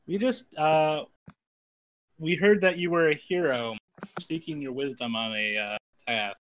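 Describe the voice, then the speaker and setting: Bright-voiced young man playing a tabletop game. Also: fairly high pitch, measured pace, a little hiss or hum. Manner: casual, hesitant, laughs often. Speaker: player. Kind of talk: casual game chat. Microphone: voice chat microphone.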